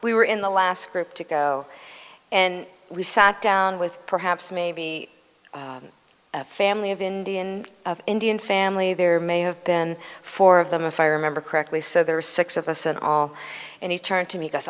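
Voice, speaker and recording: A woman in her sixties telling a personal story at a reunion, with lively acted voices. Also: lowish voice, moderate pace, big-room sound. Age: 60s. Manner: animated storyteller who acts out voices. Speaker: devotee sharing memories.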